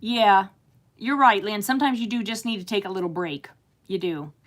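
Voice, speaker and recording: A woman's voice: mid-range voice, moderate pace. Middle-aged lady on a live stream chatting w/ her viewers, lots of ums and laughs. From United States. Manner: chatty, warm-hearted, laughs often, many fillers. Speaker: host reading live chat. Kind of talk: casual live-stream chat.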